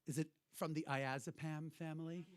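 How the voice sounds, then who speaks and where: A man's voice: fairly high pitch, fairly even intonation, normal speed. A man hosting a cabaret show, talking to the audience in rambling, irreverent stage banter, swearing freely. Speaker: cabaret host and performer. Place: hotel cabaret room.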